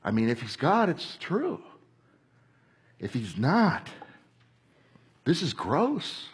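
A man preaching a sermon, animated, acting out crowd voices and shouting at times. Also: a little high, slow, slightly rough.

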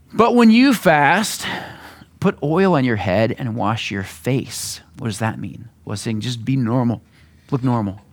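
A man delivers a sermon in an easygoing, conversational manner. His voice sits at an ordinary middle pitch, and he acts out brief voices now and then to make his points. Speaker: preacher.

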